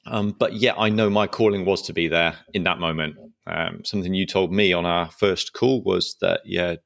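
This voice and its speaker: A man's voice: sits low, steady tone, moderate pace, vocal fry, a bit bright. A man hosting a coaching podcast, responding in a thoughtful, affirming way. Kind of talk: reflective interview talk.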